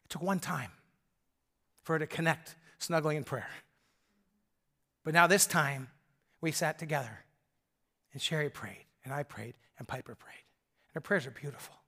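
Older pastor with a bright high voice. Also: male voice, normal speed, pauses often, slightly rough. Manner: conversational, drops to soft intimate tones. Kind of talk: sermon with storytelling.

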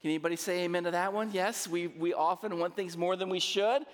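A male pastor with a somewhat high voice delivers a sermon in an easy, conversational way. He often prompts the congregation to answer him. His voice rings out with a long reverb through a large church hall. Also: steady tone, brisk. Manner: conversational, asks the congregation to respond.

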